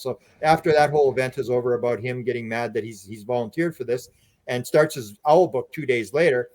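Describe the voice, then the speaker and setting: Guy talking super fast on a podcast, rambling stories, dry close sound. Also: mid-range voice, a little mellow, dry recording. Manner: rapid, rambling anecdotes with restarts. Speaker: guest, UFO researcher and author. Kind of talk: podcast interview storytelling.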